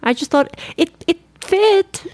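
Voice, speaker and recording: A woman's voice: extremely high pitch, lively intonation, slow, darkish tone, dry recording. A woman co-hosting a podcast, chatting casually in a bubbly, jokey way. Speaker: podcast co-host. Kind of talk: casual chat.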